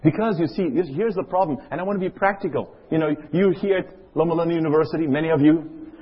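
A man's voice: on the high side, quick pace, slightly rough, dull audio. A middle-aged man from Africa, preaching a sermon and telling a personal story, often putting questions to the audience. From South Africa.

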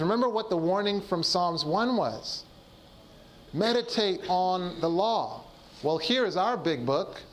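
A man preaches to a gathered audience, often asking a question and then answering it himself. His voice sits somewhat high for a man. A faint hiss runs underneath the recording. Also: fairly bright tone. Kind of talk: sermon on addiction recovery.

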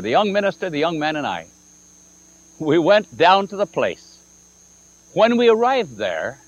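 A man's voice: a little high, dry recording. A man preaching a sermon, telling a story and acting out the dialogue with shifting emphasis. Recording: dull lo-fi archival recording with mains hum.

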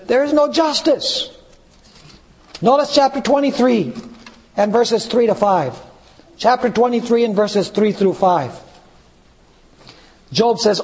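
Male preacher, high voice, reads verses slowly and quizzes the congregation. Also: expressive, a little mellow, long reverb tail. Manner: reads scripture aloud slowly, asks the audience questions. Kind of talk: sermon.

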